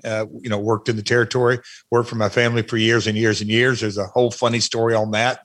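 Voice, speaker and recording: Man, middle-aged, podcast guest, animated, mid-pitched voice, casual reminiscing. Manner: animated, many fillers and restarts.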